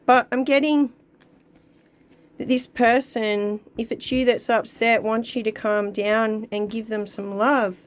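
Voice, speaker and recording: A woman giving a casual, chatty tarot card reading to her viewers, talking at an easy, drawn-out pace. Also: a little high, fairly even intonation. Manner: chatty, drawn-out, sings song lyrics along. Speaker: tarot reader.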